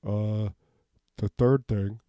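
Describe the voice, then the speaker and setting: A man rambling through an improvised comedic monologue in a deadpan way, asking "okay?" over and over. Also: fairly low pitch, extremely slow, smooth, no echo. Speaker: comedic self-tape performer. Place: home basement.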